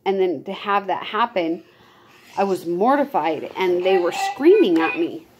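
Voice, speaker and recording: A woman's voice: lowish voice, animated, unhurried, dull audio, noisy background. A woman, telling a true story from her own life in a rambling, casual way, often restarting her sentences. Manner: rambling, restarts and self-corrections. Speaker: vlogger telling a personal story.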